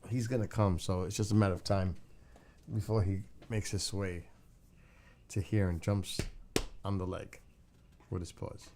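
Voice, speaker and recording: Laid-back man with a lowish voice. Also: steady tone, a little slow, pauses often, a little mellow, a little hiss or hum. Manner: laid-back, rambling, swears casually; chats to his dog between comments. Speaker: skywatching livestreamer. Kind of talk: casual live-stream chat.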